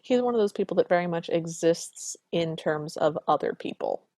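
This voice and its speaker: A woman co-hosting a podcast, recapping a film in animated, opinionated casual chat. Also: lowish voice, moderate pace, no echo. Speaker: podcast co-host.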